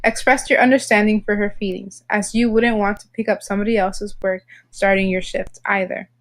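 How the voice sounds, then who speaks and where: A woman narrating a healthcare training lesson in a calm, measured, explanatory way. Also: mid-range voice. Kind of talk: scripted instructional narration.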